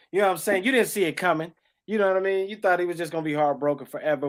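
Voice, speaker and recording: A man hosting a casual podcast chat, upbeat and hyping things up with lots of quick responses. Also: sits high. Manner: upbeat hype, lots of backchannel. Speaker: podcast host.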